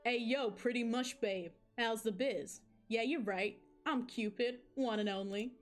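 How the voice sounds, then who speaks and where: A woman's voice: on the high side, measured pace, faint music behind, close to an everyday voice. A woman doing a swaggering greaser biker baby Cupid. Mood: cocky.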